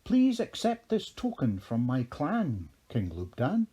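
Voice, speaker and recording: A man's voice: medium pitch, wildly swooping pitch, slow pace, warm tone, husky, exaggerated voice. A man voicing a polite, earnest young male elf who speaks courteously and sincerely.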